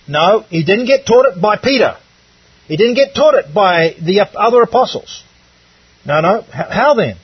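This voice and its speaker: Male preacher from abroad, high husky voice, lively and emphatic sermon, dull dry recording. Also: normal speed, no echo, far from the mic. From outside the United States. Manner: animated, rhetorical questions, emphatic. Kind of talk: sermon on a Bible passage.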